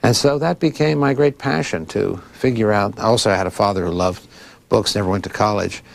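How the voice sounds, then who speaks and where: Older man in his sixties, low gravelly voice, reflective, rambling interview guest. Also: brisk. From Philadelphia, United States. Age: 60s. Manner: thoughtful, digressive, with frequent restarts. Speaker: interviewee, librarian.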